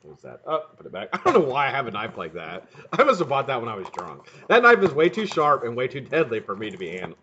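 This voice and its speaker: A man hosting a live stream in casual chat, greeting viewers by name and swearing freely, his voice sounding a bit hoarse. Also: mid-range voice, wildly swooping pitch, quick pace, hardly any pauses, pushed and bright, dull audio, slight background noise. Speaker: livestream host.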